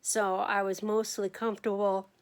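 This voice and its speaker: Worn-out woman chatting to her camera at home, lots of ums, yawning, medium pitch. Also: flat delivery, clear, resonant tone. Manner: frequent ums, yawning, tired and unhurried. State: fatigued from chemotherapy. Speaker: vlogger sharing her chemotherapy journey. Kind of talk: casual personal video diary.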